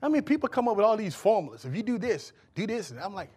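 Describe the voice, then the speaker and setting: A male pastor preaching a sermon, calling out to the congregation and swinging from loud bursts to hushed asides. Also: sits high, big pitch swings, quick pace, husky.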